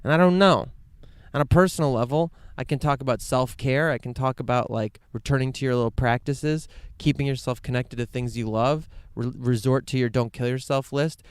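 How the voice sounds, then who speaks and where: A man hosting a podcast, rambling earnestly to himself in a quiet outdoor meadow, with lots of "like" and frequent swearing. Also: medium pitch, clean tone, dry recording, studio quality. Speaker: podcast host. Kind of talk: casual reflective monologue.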